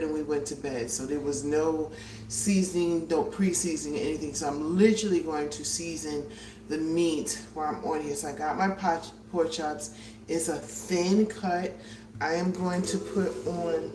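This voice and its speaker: A woman hosting a casual cooking livestream from her home kitchen, chatty and a bit out of breath, greeting viewers as she works. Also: deep voice. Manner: chatty, greets viewers by name, frequent fillers. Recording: roomy, distant, faint hiss.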